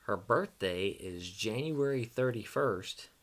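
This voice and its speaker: A man's voice: on the low side, expressive, slow, fairly bright tone. Playful man hosting a livestream. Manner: playful, self-teasing, coos at his dog. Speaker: livestream host. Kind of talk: casual livestream chat.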